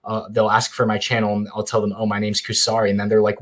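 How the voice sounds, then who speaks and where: A man's voice: fairly low pitch, monotone, fast, fairly bright tone. A young man, a college student and YouTuber, chatting casually as a podcast guest and rambling through anecdotes with lots of fillers. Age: young adult. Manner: rambling storytelling with many fillers.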